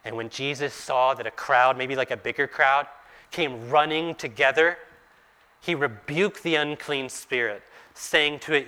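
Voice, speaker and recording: A man's voice: medium pitch, unhurried, pushed and bright, clear, resonant tone. A man preaching a sermon, acting out the scripture's dialogue with rising intensity and sometimes dropping to a near whisper.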